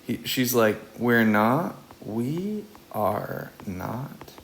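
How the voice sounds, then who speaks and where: This young Spanish teacher has a mid-range, sing-song, somewhat bright voice. Slow and patient, he moves back and forth between reading a storybook aloud and explaining it in English.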